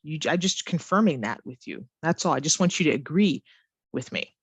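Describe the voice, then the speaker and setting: A woman teaching an online English lesson who reads example sentences slowly and with exaggerated rising and falling intonation. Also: sits low, lively intonation, husky, no echo.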